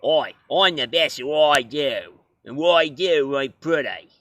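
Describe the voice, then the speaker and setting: A cocky mutant brawler barks a gruff boast in a broad Australian accent, put on by a man. The voice pushes louder and takes on a timbre unlike the speaker's own. It sits in a dry spot with little room sound. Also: on the high side, expressive, measured pace, no echo.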